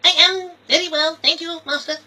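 A man's voice: extremely high pitch, steady tone, brisk, bright, forceful tone, voice pushed up, full character voice. A man voicing a polite, loyal male robot dog in a formal, courteous voice for a fan-made audio parody.

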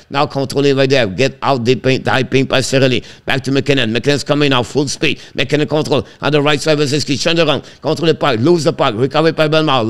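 Rapid, clipped calls mark this excitable man's live-stream hockey commentary. His smooth voice jumps sharply in pitch on every shot.

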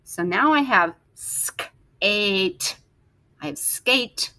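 A woman teacher slowly sounding out letters and words for young children in a phonics lesson. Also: medium pitch, very animated, sharp tone, no echo. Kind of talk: early-reading phonics lesson.

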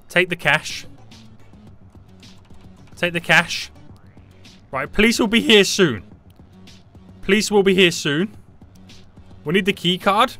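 A man giving live gameplay commentary, panicky and excitable, often repeating short phrases. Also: fairly high pitch. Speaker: gaming YouTuber.

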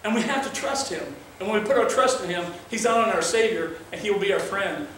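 A man's voice: high-pitched, animated, fast talker, fairly bright tone, slight background noise. A male pastor preaching a sermon in an earnest, conversational way, weaving in scripture readings. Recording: very echoey room, mic far off.

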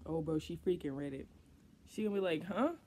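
A young woman vlogging casually to her viewers, excitable and slangy, swinging between laughter and frustration. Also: deep voice, quick pace, a little hiss or hum. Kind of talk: casual vlog chat to camera.

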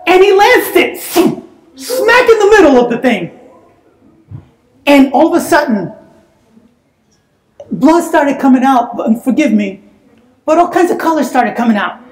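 A woman preaching a sermon in a church, telling a personal story in an animated way that breaks into shouts and laughter. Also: high voice, unhurried, pauses often, echoey room. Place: church sanctuary.

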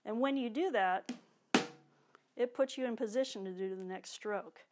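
A woman's voice: fairly high pitch, moderate pace, heavy background noise. A woman drum teacher patiently explaining a technique, now and then vocalizing drum strokes. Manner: clear, patient explaining with spoken drum sounds. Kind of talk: instructional demonstration. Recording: loud drumming behind the voice. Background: drums.

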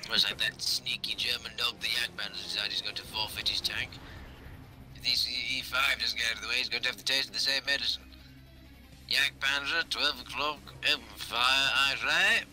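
A man's voice: medium pitch, fairly even intonation, normal speed, pushed and bright, faint music behind. Blustering man, hammy posh commander. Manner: hammy officer bluster, swears, adds "I say". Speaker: gaming commentator. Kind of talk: mock-posh gameplay banter.

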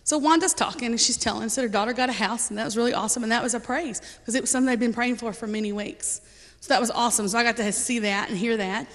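A woman's voice: on the high side, fairly even intonation, racing. A woman sharing a personal testimony with a church congregation, speaking casually and earnestly with frequent ums and light laughter. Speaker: church member giving a testimony. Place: church sanctuary. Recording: reverberant church hall.

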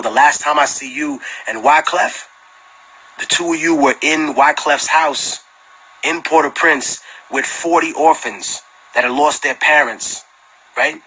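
A man tells swearing, animated stories and answers fans on a phone live stream, often laughing. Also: mid-range voice, breathy edge, rough recording. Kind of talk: casual storytelling chat.

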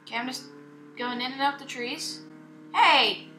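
A young woman giving casual, excitable gameplay commentary as a YouTuber, chatty and self-mocking. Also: high voice, measured pace, over music. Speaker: gaming YouTuber. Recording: echoey room with faint noise.

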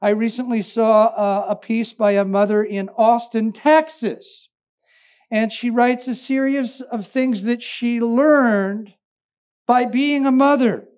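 A man's voice: very high voice, darkish tone. A man, a pastor, preaching a sermon with humorous storytelling and emphatic repetition.

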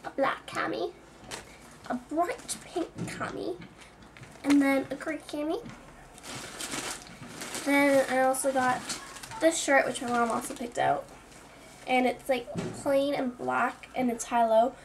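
Young girl doing a haul vlog, high chatty voice, lots of "like", bit of hum behind. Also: lively intonation, slow pace, long pauses. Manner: chatty, lots of "like", self-mocking. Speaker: vlogger. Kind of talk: casual haul video chat.

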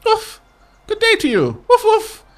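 A man voicing an excitable little dog in a game, squeaky and childlike, barking between lines. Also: measured pace, exaggerated voice. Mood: playful. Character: excitable little dog who loves cats.

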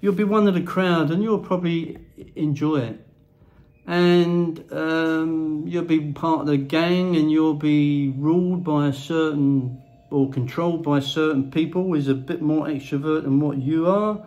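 A man's voice: fairly high pitch, fairly even intonation, a little slow, a little mellow, muffled recording. A man delivering a blunt, crude ranting monologue to camera as a vlogger. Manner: blunt, crude, swears freely.

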